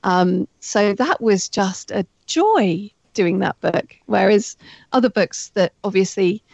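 A woman getting over a heavy cold, talking as a guest in a casual interview over a remote call, chatty and excitable and laughing often. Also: medium pitch, takes it slowly, creaky, no room sound, lo-fi sound. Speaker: guest, author and audiobook narrator.

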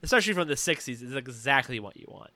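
A man's voice: mid-range voice, expressive, fast talker, pushed and bright, dry recording. A man co-hosting a casual movie discussion, chatty and agreeable, with lots of "like"s. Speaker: podcast co-host.

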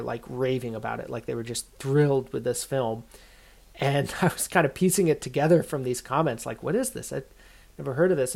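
A man's voice: medium pitch, gravelly. Casual man hosting a podcast. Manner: conversational, loose, with frequent "like" and "uh". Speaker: podcast host. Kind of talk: casual spoken film review.

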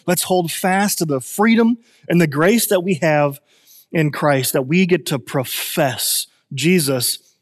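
A man in his thirties preaching a sermon as pastor, animated and conversational, with restarts and jokes. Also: on the high side, slow, long reverb tail.

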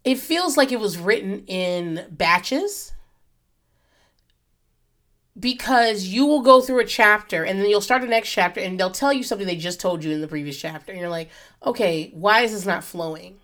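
Expressive and a bit bright, her mid-range voice moves at a moderate pace. She's in her thirties, hosting a solo podcast through a podcast microphone, cursing freely and wandering into tangents as she rambles casually.

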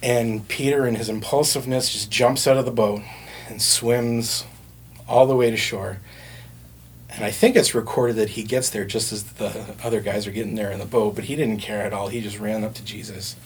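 A man's voice: fairly low pitch, fairly even intonation, normal speed, a little hiss or hum. A man preaching a sermon in a conversational way, with frequent fillers and restarts. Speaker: pastor.

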